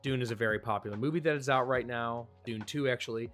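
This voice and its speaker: A man's voice: medium pitch, fast talker, a bit bright, faint music behind. A man hosting a casual manga review, talking in a chatty, enthusiastic way with small restarts. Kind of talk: casual commentary.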